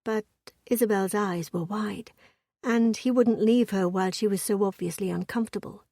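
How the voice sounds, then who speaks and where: A woman narrating a period romance audiobook in an even, measured storytelling voice. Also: medium pitch, no echo, studio quality.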